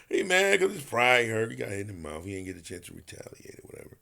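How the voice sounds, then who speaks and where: Gravelly animated male storyteller. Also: on the low side, a little fast. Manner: animated storyteller acting out quotes, profane, laughing. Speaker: podcast guest, retired boxer. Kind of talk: casual storytelling interview.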